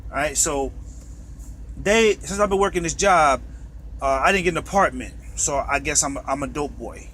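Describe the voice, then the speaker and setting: A man's voice: a little high, moderate pace, a bit bright, slight background noise. Bitter New York man ranting. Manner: profane, bitter, agitated. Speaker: truck driver. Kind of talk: angry ranting monologue. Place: inside a truck cab.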